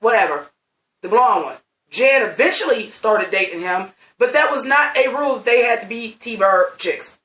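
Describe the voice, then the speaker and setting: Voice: medium pitch, lively intonation, normal speed, pushed and bright. A blunt, profane movie reviewer in their late thirties, talking in a rambling, emphatic, casual way. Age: late 30s. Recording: roomy sound from a distant mic.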